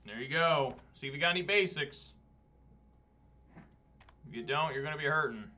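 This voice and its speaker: Rambling man streamer, slightly high voice. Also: normal speed, sharp tone. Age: adult, married. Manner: rambling, self-deprecating, chatty. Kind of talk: casual gameplay commentary. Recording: dull lo-fi mic.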